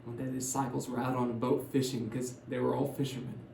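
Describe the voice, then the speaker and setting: A male pastor tells a Bible story in a relaxed, conversational sermon voice, dropping low for some lines and lifting it for others. His voice sits at a middle pitch. The church room adds a noticeable echo over a faint background hum. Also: fast, gravelly. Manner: conversational storytelling with shifts between loud and hushed. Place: church sanctuary.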